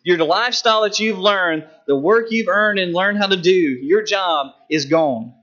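A man's voice: sits high, unhurried, a bit bright. A man preaching, voicing a stern but merciful male God in a grave, solemn tone. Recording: dull lo-fi recording.

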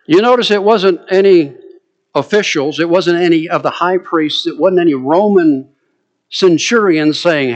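A man's voice: sits high, expressive, moderate pace. A man preaching a sermon, retelling a story with drama and vivid asides.

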